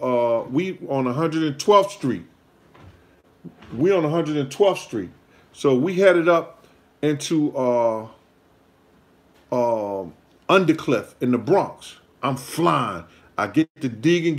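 A man, hosting his own show and telling a casual story in a rambling, repetitive way full of street slang. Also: fairly high pitch.

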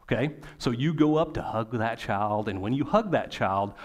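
Male pastor, mid-pitched voice, conversational sermon delivery with pointed questions and pauses. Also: animated. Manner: conversational preaching with rhetorical questions and emphatic pauses.

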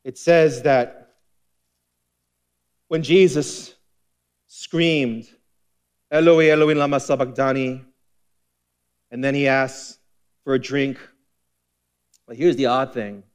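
A man preaching a sermon as pastor, impassioned, swinging between forceful emphasis and hushed intensity. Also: medium pitch, steady tone, slow, long pauses, clean tone.

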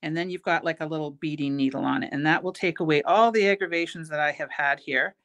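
A woman's voice: low-pitched, quick pace, a bit bright, muffled recording. Chatty middle-aged woman teaching beading. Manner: chatty, self-mocking, laughs at her own jokes. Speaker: host, bead shop owner teaching a craft. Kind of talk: casual craft tutorial with chatty asides.

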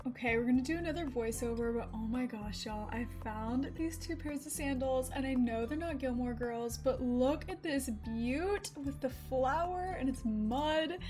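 A woman's voice: high-pitched, normal speed, hardly any pauses, darkish tone. A young woman from Texas, gushing in a bubbly, exclamation-filled way as she chats through a thrift-store vlog and voice-over. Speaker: thrift vlogger. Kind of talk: excited casual vlog chat and voice-over. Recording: music playing behind the voice.

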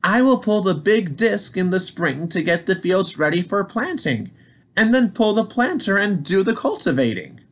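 A man voicing a big, confident new male farm tractor in a children's storybook, speaking in a deep, commanding manner. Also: very animated, moderate pace, heavily acted. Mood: reassuring.

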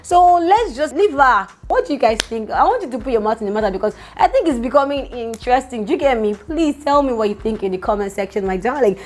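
Nigerian girl gossiping on her vlog, lively and chatty, calls viewers my darling. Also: on the high side, quick pace, few pauses, slight background noise. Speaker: vlogger. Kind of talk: casual gossip commentary.

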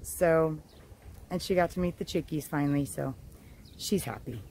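A woman homestead vlogger chatting outdoors in her garden, gushing and exclamatory, with drawn-out words. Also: low-pitched, vocal fry, a little mellow, a little hiss or hum, rough recording. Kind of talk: casual excited vlog.

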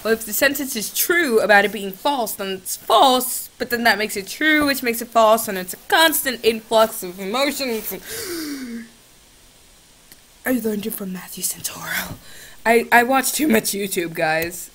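A woman's voice: fairly high pitch, animated, measured pace, hardly any pauses, a bit bright. A young woman vlogger chatting sarcastically with a chatbot, swinging between shrieks and mutters, on a computer's built-in mic. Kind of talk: casual chat with a chatbot.

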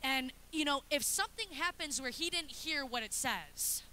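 A high, bright woman's voice delivers a playful, chatty sermon in a church, breaking into little acted scenes as she goes. She sounds like she's in her thirties, and a faint hiss sits under the recording. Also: lively intonation, normal speed. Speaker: pastor's wife preaching. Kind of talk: lively sermon. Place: church sanctuary.

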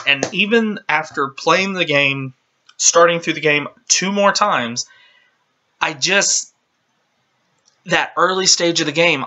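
Male game reviewer, exasperated rant, bright tense tone, stammers and restarts. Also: a little high. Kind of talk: casual ranting game review.

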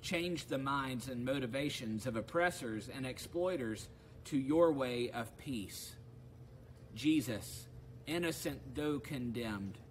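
Speaking at medium pitch over poor audio with a little hiss or hum, a male pastor leads a devotional service. He begins with relaxed, informal, conversational chat, and his delivery grows solemn and louder once he reaches the scripture readings and prayers.

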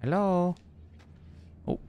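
Excitable man with lively, jumpy pitch. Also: extremely slow, slight background noise. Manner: jumpy and excitable, swears, talks to game characters. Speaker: gaming streamer. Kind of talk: let's play commentary.

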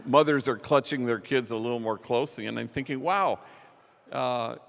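Gravelly man preaching in a reverberant church. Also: medium pitch, fairly even intonation, brisk. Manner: conversational storytelling, acts out quotes. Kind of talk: sermon storytelling. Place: large church.

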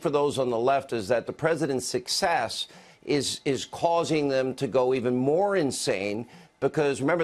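A male TV interview host with a somewhat high voice. He speaks in a combative, opinionated way, stacking up points one after another.

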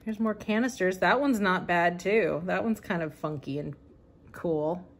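A woman's voice: on the low side, a little slow. A woman hosting her own channel, chatting casually as she flips through an old catalog, amused and laughing often. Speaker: vintage reseller and channel host.

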